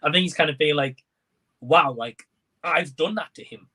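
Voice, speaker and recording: A man's voice: fairly high pitch, normal speed, sharp tone, slightly rough. A young man in casual film discussion, talking through his thoughts with hesitant fillers. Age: young adult. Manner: hesitant, thinks aloud with fillers. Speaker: co-reviewer.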